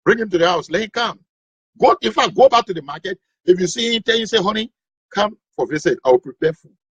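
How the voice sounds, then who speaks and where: A man voicing a calm, scheming husband who speaks in a hushed, conspiratorial way. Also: high-pitched, quick pace, husky, dry recording, exaggerated voice. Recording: dull lo-fi recording.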